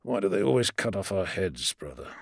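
A man's voice: low-pitched, very animated, fairly quick, creaky, dry recording, studio quality, full character voice. A man reading as a wry warrior captain. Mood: sardonic. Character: wry male warrior captain, dry and cutting.

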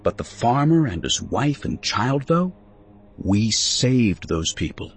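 A man's voice: mid-range voice, very animated, slow pace, slightly rough, exaggerated voice. A man voicing an earnest, slightly awkward young settler who argues and pleads his case in a spoken story. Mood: pleading.

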